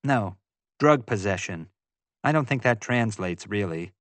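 Man voicing an earnest young woman, hurried, animated, dry. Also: fairly low pitch, dry recording.

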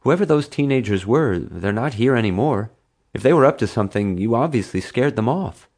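A man's voice: mid-range voice, expressive, a little fast, a little mellow, pitched above the performer's own voice. A man voicing a cheeky teenage boy who plays innocent and talks his way out of trouble. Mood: persuasive. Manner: innocent-sounding, sassy.

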